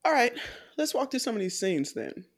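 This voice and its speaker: A woman with a Southern US accent co-hosts a movie review show in loose, casual chat. She rambles and laughs easily, and her pitch swings widely as she talks. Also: very animated, moderate pace. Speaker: film review podcast co-host.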